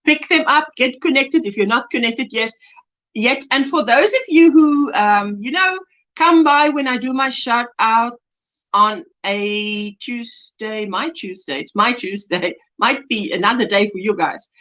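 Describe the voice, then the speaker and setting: A woman from South Africa hosting a casual crochet livestream, chatting warmly and laughing often as she reads out viewer comments. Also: a little high, unhurried, dull audio. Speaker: livestream host.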